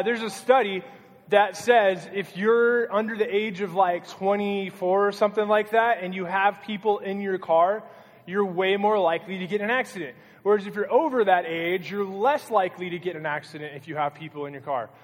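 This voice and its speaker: A young man giving a youth sermon in a loose, joking, rambling way. His voice sits high for a man. The hall adds a long reverb. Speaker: youth pastor.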